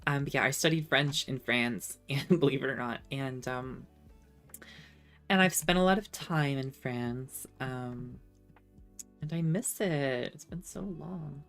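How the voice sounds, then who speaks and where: A woman's voice: extremely low pitch, measured pace, soft background music. A woman streamer in casual chat, reading viewer comments aloud, laughing often and trying out rusty French.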